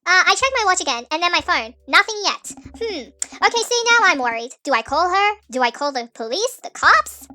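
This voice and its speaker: A woman's voice: sing-song, brisk, hardly any pauses, sharp tone. Chatty woman narrating a game, sped up. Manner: chatty, jokey, trips over words. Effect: sped-up, pitched-up nightcore edit. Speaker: gamer narrating a story game. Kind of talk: playthrough narration with commentary.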